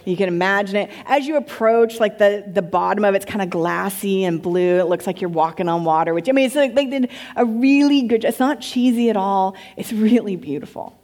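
Woman pastor, casual chatty sermon, lots of quick asides, gets excited about stuff. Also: mid-range voice. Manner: enthusiastic when describing places. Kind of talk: conversational sermon.

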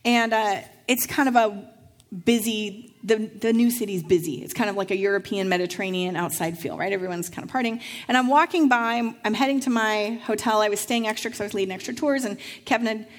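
A middle-aged woman pastor delivering a sermon, telling a lively personal story and acting out the voices of the people in it. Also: mid-range voice, a little fast. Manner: storytelling, acts out voices in anecdotes.

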